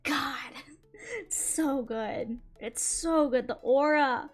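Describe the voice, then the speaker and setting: High-voiced gushing woman streamer. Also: extremely slow, soft background music. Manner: gushing, excitable fan chatter with frequent laughs and casual swearing. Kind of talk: casual chat while drawing.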